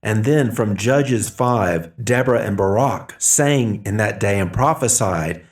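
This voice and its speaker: A man with a fairly low voice reads scripture passages in a sermon. His delivery is measured and steady.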